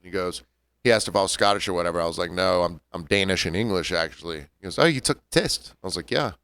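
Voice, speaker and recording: A man's voice: low voice, quick pace, fairly bright tone, clear, resonant tone, dry recording. A man co-hosting a podcast, telling rambling anecdotes in casual banter. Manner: rambling anecdotal storyteller with restarts. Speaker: podcast co-host, bartender.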